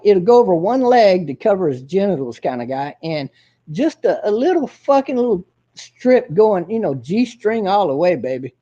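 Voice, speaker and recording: A man's voice: high voice, mellow. A man hosting his own show in a crude, profane, mocking ranting monologue. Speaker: show host. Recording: dull lo-fi audio.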